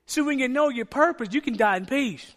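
A man's voice: very high voice, expressive, fairly quick, a bit bright. A man preaching a sermon in a church, emphatic, asking the congregation rhetorical questions. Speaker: pastor. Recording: long hall reverb.

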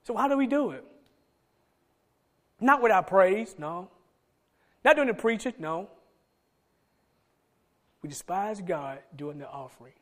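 A middle-aged man preaching a sermon, swinging between loud emphatic calls and soft low asides. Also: expressive, a little slow, long pauses. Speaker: pastor.

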